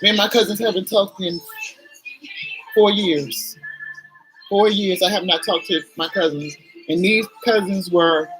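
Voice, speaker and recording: A woman's voice: medium pitch, measured pace, long pauses, soft background music, poor audio. A woman in her forties, a vlogger chatting candidly and emotionally to her viewers while doing her makeup.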